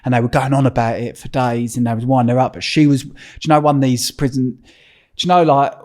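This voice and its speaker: A man's voice: medium pitch, steady tone, fast talker, darkish tone. A man with an Essex accent, a guest in a podcast interview, telling stories in a blunt, rambling way, swearing freely and restarting his sentences. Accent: Essex English. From Essex, England. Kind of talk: casual interview storytelling.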